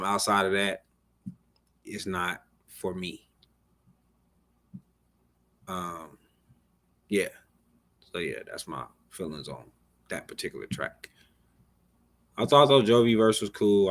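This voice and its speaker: A man's voice: deep voice, slow, pauses often. Laid-back man hosting a music review stream. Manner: loose, profane, laid-back slang. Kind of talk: casual livestream chat.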